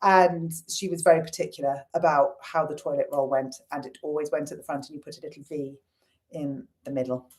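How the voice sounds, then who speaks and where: A woman's voice: sits low, fairly even intonation, fairly quick, a little mellow. A middle-aged woman chatting casually on a live stream, reading comments and swearing now and then. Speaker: livestream host.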